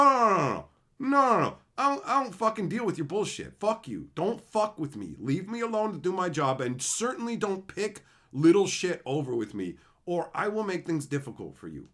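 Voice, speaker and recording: A man telling stories from his old job in a casual, profane rant, often acting out what people said. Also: fairly high pitch. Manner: profane, animated, acts out quoted people. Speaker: channel host.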